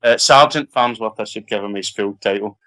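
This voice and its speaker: A man's voice: lowish voice, fairly quick, pushed and bright, poor audio. A man, an actor guest telling a story in an interview and laughing as he goes. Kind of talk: anecdotal storytelling.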